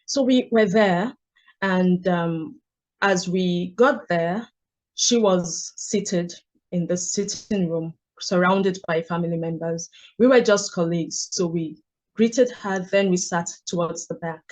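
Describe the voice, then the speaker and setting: A woman, an author telling stories in a measured, reflective way during a book club discussion. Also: on the low side, darkish tone. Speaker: author and guest.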